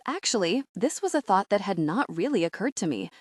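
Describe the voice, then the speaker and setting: A woman narrating a novel in first person with a wry, sardonic edge. Her pitch swings a great deal as she tells the story. The sound is dry and close, with no room around it. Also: very animated, brisk, dry recording. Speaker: audiobook narrator.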